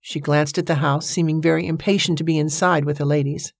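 A woman narrating a novel in a steady storytelling manner. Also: deep voice, brisk, gravelly, dry recording, clean studio sound. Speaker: audiobook narrator. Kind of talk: scripted narration.

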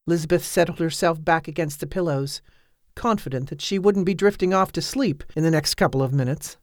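Low-voiced woman narrating a novel. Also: no echo, clean studio sound. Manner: measured, even storytelling. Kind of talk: audiobook narration.

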